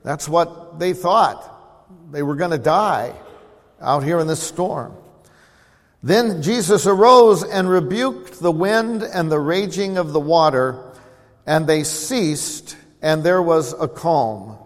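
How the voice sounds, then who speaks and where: A man's voice: lively intonation, slow pace. Earnest man preaching in a reverberant hall. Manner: earnest, calls for congregation responses; swells louder reading scripture, drops low to explain. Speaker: pastor. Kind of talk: expository sermon.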